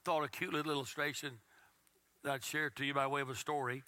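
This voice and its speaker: A man preaching a sermon as pastor, telling a story in a conversational way and dropping to a soft, intense tone. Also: fairly high pitch, fairly even intonation, fast, no echo.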